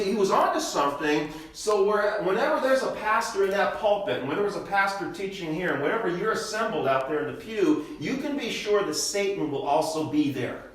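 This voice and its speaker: An older man teaches a church Bible study, his voice sitting a touch high for a man. He works through his points with rhetorical questions, checking in with "okay?" over and over. The recording is heavily echoey, picked up from a distance in a church room. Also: fairly bright tone. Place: church classroom.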